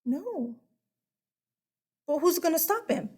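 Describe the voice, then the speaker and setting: A woman's voice: very high-pitched, very animated, slow pace, warm tone. A woman teaching a history lesson in a casual, chatty way, asking rhetorical questions and calling her listeners guys. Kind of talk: casual classroom lecture.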